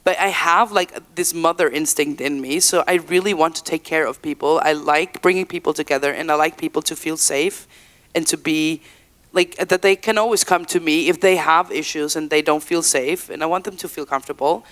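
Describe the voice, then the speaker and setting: A woman's voice: low voice, brisk, fairly bright tone. A woman, talking candidly in a casual interview, full of fillers and acted-out quotes. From Faroe Islands. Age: 30s. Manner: chatty and candid, full of "like" and restarts, acts out quotes. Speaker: singer being interviewed. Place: event venue indoors.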